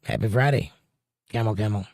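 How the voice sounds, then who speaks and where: Reading viewer comments on his relaxed livestream, a host cracks jokes and puns in a chatty manner. His voice sits on the low side, slightly mellow, with studio-quality sound and no room echo.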